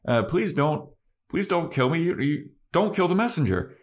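A man's voice: a little high, very animated, normal speed, pitched above the performer's own voice. A man voicing a male vampire who stammers and pleads for his life in a panic. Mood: panicked pleading.

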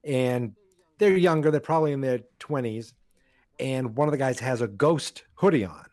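A man's voice: medium pitch, moderate pace, a little mellow, no room sound, studio quality. A middle-aged man, co-hosting a podcast and telling funny stories in casual chat. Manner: joking storyteller, acts out quotes. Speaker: podcast co-host.

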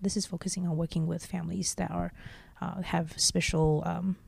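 Gravelly low-voiced woman, earnest. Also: little pitch movement, normal speed, darkish tone, dry recording. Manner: earnest, repeats and restarts phrases. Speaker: startup CEO, interview guest. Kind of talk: casual interview answers.

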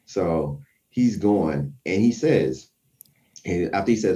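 A man casually telling a tense personal story, acting out his own quotes with lively shifts. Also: low-pitched, slow, recorded from a distance.

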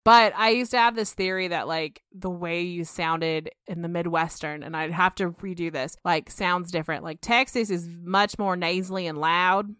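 Young woman, lower voice, podcast co-host, rambly and giggly, close dry mic. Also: moderate pace, hardly any pauses, a bit bright, smooth, no echo. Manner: chatty, laughing, rambling with many "like"s. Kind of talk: casual chat.

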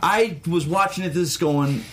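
A man's voice: a little high, measured pace, a little hiss or hum. A man chatting animatedly as a panelist, often jumping in over others. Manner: animated, interrupting. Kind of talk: casual panel chat.

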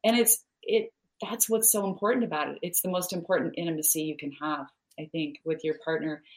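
A woman's voice: low voice, steady tone, brisk. A woman, a guest author, talking earnestly in an interview with frequent fillers. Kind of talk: conversational interview talk. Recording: roomy echo.

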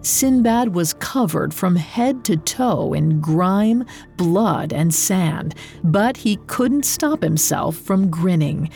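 Mellow woman narrating a story. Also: on the low side, vocal fry, soft background music. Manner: measured, expressive storytelling. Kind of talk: scripted narration.

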